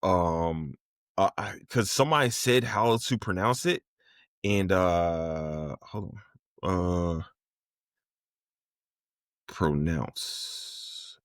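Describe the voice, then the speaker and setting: Brief: male podcast host, casual and profane, low-leaning voice, dry mic. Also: extremely slow, pauses often, no room sound. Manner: rambling, profane, enthusiastic. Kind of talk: casual solo podcast review.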